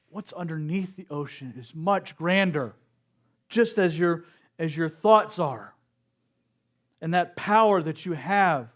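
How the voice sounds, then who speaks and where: Male speaker, middle-aged, higher register, slow earnest sermon delivery. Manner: slow, earnest preaching with acted-out quotes. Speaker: speaker at a spiritual center service.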